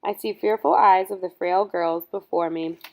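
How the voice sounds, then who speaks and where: A woman narrates a first-person audiobook in a measured, earnest reading voice. Her pitch sits a little low, and she keeps the scripted narration steady.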